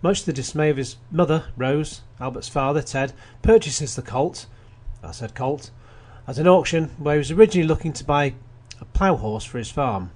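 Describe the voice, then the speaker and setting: In a fairly high, expressive, darkish voice, a man reviews films on the radio at normal speed with hardly any pauses. The talk is casual, built on plot summaries, wry asides, and frequent restarts.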